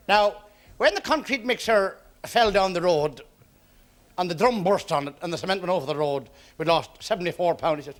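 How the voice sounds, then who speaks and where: A man telling a joke on stage as a stand-up comedian, brisk, with gruff voices for his characters. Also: high voice, animated. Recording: 1970s TV stage recording with audience.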